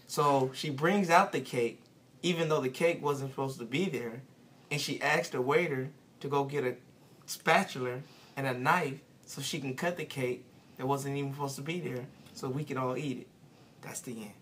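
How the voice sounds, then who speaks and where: Male guest, mid pitch, chimes in and builds the punchline. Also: normal speed, a bit bright. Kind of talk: casual anecdote.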